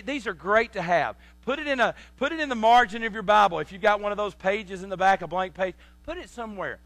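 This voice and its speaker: A pastor preaching a sermon, animated, with repeated words and sudden loud emphasis, telling folksy family stories. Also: male voice, high voice, dry recording. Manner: tells folksy family anecdotes. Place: church sanctuary.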